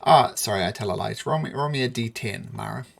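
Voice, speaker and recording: A man's voice: on the low side, fast talker, creaky, slight background noise. A man narrating a tabletop game as game master, hesitant, with many fillers and restarts.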